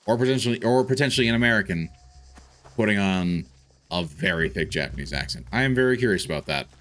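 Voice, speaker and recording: A man's voice: sits low, a bit bright. A man streaming a video game, chatting casually and thinking aloud with frequent restarts and filler. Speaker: gaming streamer. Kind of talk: casual live gameplay commentary.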